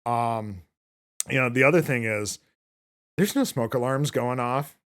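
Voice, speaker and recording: A man's voice: medium pitch, measured pace, fairly bright tone. A man hosting a podcast, recapping a film in casual chat, rambling with many filler words and free swearing. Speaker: podcast host.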